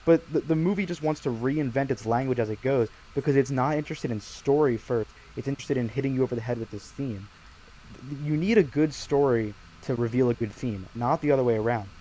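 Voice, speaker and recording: A man co-hosting a podcast, arguing against a film in a quick, combative way. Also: mid-range voice, dark tone, a little hiss or hum, rough recording. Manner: fast-talking and argumentative. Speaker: podcast co-host. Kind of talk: casual film debate.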